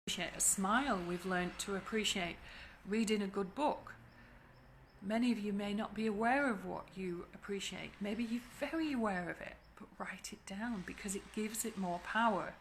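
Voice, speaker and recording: Woman therapist, soft reflective delivery, a touch of vocal fry, faint noise behind. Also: mid-range voice. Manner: soft, reflective, slow and gentle. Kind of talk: spiritual morning talk.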